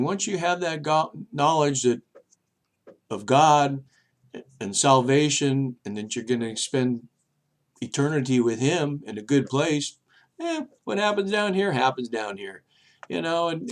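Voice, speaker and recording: A man hosting his own show, giving a rambling, halting religious monologue, dropping soft low asides between loud emphatic bursts. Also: lively intonation. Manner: rambling, halting, many restarts and fillers. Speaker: show host.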